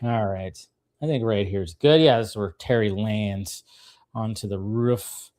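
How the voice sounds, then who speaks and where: A man's voice: fairly low pitch, measured pace, darkish tone. A man co-hosting a casual chat, recapping a cartoon episode, laughing often and acting out the characters' lines. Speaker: podcast co-host.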